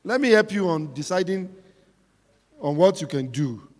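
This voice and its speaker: A man's voice: sits high, expressive, normal speed. Male preacher, sermon delivery, emphatic and repetitive, reverberant hall. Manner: emphatic, repetitive, swings between shouting and quiet.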